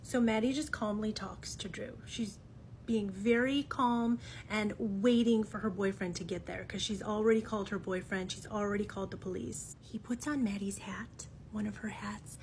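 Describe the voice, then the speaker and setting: A woman telling a true creepy story in a casual, dramatic way, often dropping into hushed whispers and swearing freely. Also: medium pitch, fairly even intonation, normal speed, slight background noise.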